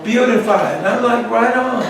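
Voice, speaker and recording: Folksy preacher with a high voice, echoey room. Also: male voice, moderate pace, creaky, slight background noise. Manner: folksy, animated retelling of conversations. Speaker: pastor. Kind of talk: Bible study talk with storytelling. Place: church room. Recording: echoey room, distant mic.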